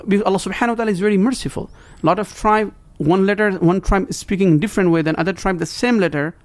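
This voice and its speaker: A man speaks quickly, rattling through explanations in broken English with a fairly high voice. He breaks into quick Arabic recitation as he makes his points, earnest and teacherly. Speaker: guest religious scholar. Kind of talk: explaining in conversation.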